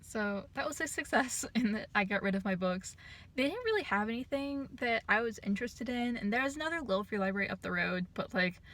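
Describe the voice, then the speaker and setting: A young adult woman chatting casually for her book vlog, excitable and giggly, filling her speech with "like". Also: a little high, fairly quick. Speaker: book vlogger. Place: inside her parked car.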